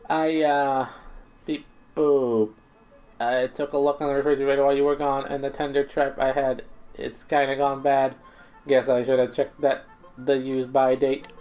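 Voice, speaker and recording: Cheerful beeping robot chef, higher than the reader's own voice, put on by a let's-play streamer. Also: a little mellow, highs cut off, natural voice. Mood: sheepish. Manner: sprinkles beeps and boops into speech. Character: upbeat robot chef, cheerful, proud of his cooking. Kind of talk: reading game dialogue aloud.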